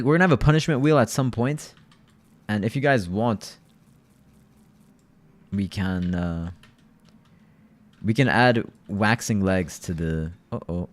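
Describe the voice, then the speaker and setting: A young man streaming a game with his viewers, chatting loosely, repeating himself and calling everyone "bro". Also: fairly low pitch. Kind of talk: casual live-stream gaming chat.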